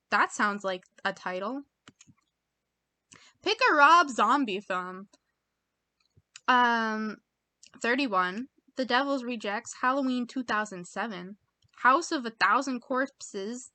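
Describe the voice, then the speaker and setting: Giggly American woman, slow and bright. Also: on the high side, expressive, dry recording. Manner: giggly, self-mocking, muttering while reading options. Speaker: video creator taking online quizzes. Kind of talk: casual chat reading quiz questions aloud.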